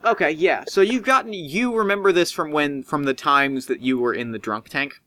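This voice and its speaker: Brief: man, tabletop game master, fairly high and bright voice, dry close sound, animated narration. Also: normal speed. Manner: animated, swings pitch when describing.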